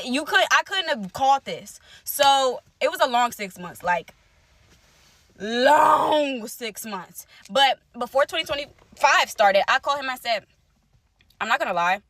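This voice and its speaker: Young woman, casual storytime, bright and lively, close dry phone sound. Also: fairly quick, dry recording. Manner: animated, conversational, swings between loud exclaims and low asides. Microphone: phone close to the face.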